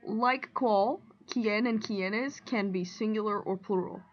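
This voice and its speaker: A woman teacher walks through a language lesson at a steady, deliberate pace, reading out examples and explaining each one. Her voice sits at an everyday middle pitch. The recording is a little dull and lo-fi. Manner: clear, deliberate explaining with example sentences read aloud. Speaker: Spanish teacher.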